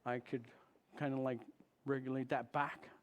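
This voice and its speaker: A man who is a chaplain, telling a story of his trip to a congregation in an animated way and acting out the dialogue. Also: moderate pace. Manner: animated, acts out dialogue with big jumps in pitch and volume. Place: church.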